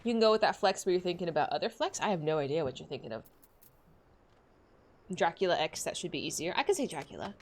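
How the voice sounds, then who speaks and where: Excitable giggly woman streamer. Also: fairly low pitch, fast talker. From Los Angeles, USA. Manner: excitable, giggly, greets viewers. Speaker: game streamer. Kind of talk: casual livestream chat while gaming.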